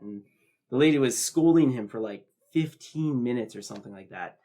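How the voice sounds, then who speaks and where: A man with a mid-range voice co-hosts a casual podcast. He tells his stories haltingly and fills the gaps with "uh" and "like.". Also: medium pitch. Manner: relaxed, halting storytelling with fillers. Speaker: podcast co-host. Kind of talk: casual chat.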